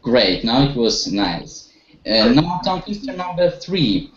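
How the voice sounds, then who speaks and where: A man's voice: medium pitch, very animated, a little slow. A male English teacher runs a group lesson over a video call, coaxing his students with questions and praise. His intonation swings widely. The audio is dull and roomy with noticeable echo. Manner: encouraging, leads students with questions, some hesitations.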